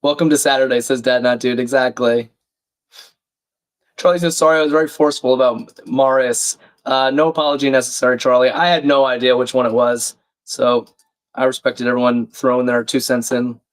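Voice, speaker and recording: A man with a croaky, slightly sick voice, hosting a live crossword stream in a chatty, casual way and reading viewer comments aloud. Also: mid-range voice, fairly even intonation, fairly quick. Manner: chatty, reads chat aloud, self-deprecating. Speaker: livestream crossword host.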